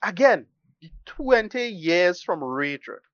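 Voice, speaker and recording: A man's voice: sits high, big pitch swings, slow pace, a bit bright, dry recording, muffled recording. A man co-hosting a casual podcast film review, blunt and rambling, swearing freely as he delivers his verdict. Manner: blunt, rambling, swears freely, uses Caribbean-style English.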